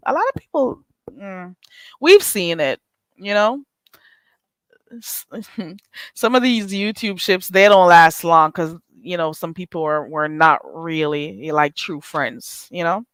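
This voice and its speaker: A woman's voice: medium pitch, a bit bright, clear, resonant tone, no room sound. Sarcastic woman live-streaming, dry sound. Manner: sarcastic and teasing, greets chat by name, laughs often. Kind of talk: casual live-stream chat.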